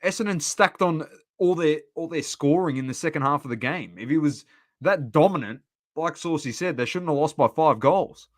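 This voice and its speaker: A man with an Australian accent co-hosting a casual sports podcast, animated and laughing as he rants about footy. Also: on the high side, normal speed. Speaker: podcast co-host.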